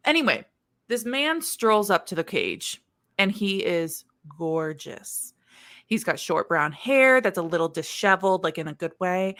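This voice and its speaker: A woman co-hosting a podcast, retelling a book in a chatty, animated way with lots of "like"s and laughter. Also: on the low side. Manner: animated, laughing, quippy storytelling with many "like"s. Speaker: podcast co-host summarizing a book. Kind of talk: casual chat.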